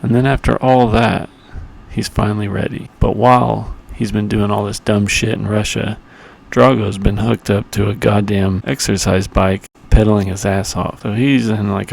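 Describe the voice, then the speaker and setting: Gravelly, profane man rambling through a recap. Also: on the low side, darkish tone. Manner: rambling, profane, with loose quoted impressions. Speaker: podcast host reviewing movies. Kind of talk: crude comedic movie recap.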